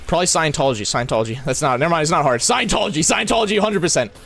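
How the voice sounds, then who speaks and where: Yelling, gravelly young American streamer. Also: male voice, fairly high pitch, lively intonation, rapid-fire, soft background music. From New Mexico. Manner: swings between yelling and talking normally; says bro a lot. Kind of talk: live-stream chat.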